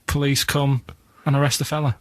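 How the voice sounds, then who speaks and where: A man's voice: mid-range voice, level tone, brisk. A man rambling hesitantly through stories and quiz clues on a radio show, with many fillers, in a studio.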